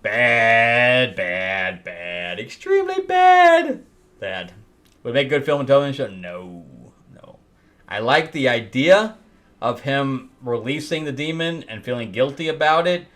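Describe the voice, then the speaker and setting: A man's voice: mid-range voice, unhurried, bright, forceful tone. Rambling exasperated male comic reviewer. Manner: rambling, exasperated, laughing asides. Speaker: host. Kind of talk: casual comic book review.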